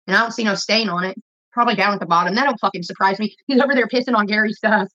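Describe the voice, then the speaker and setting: A woman's voice: medium pitch, very fast, pushed and bright. A woman, ranting casually to her viewers in a blunt, profane, rambling way. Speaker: vlogger. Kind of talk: casual rant to camera. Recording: dull lo-fi phone audio.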